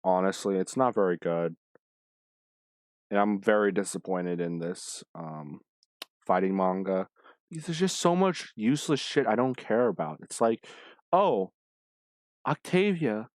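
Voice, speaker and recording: In a deep voice and at a moderate pace, a manga reviewer complains casually about a comic he read. The recording is dry, and he comes across as animated and fed up, cursing nonstop.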